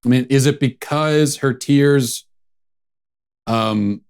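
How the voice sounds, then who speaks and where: A man's voice: mid-range voice, takes it slowly, darkish tone, clean tone. A man hosting a show, giving sarcastic, mocking political commentary. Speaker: host.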